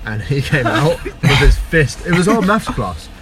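A man's voice: on the high side, very animated, measured pace, a loud crowd, poor audio. A young man, telling crude stories among friends, swearing freely and laughing mid-sentence.

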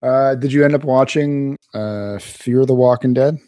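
A man with an average-pitched voice chats casually as a podcast co-host. He sounds laid-back and gives short answers, recorded dry and close. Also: a little slow, mellow, dry recording. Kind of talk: casual chat.

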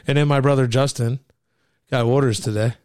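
A man's voice: mid-range voice, steady tone, brisk, darkish tone, smooth, no echo, clean studio sound. A man hosting a podcast, telling crude, rambling, profane stories in casual banter. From Arizona. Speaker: podcast host.

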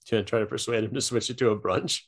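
A man's voice: lowish voice, steady tone, fast talker, breathy edge. A man narrating an improvised tabletop game as game master, in a loose, casual way with many fillers.

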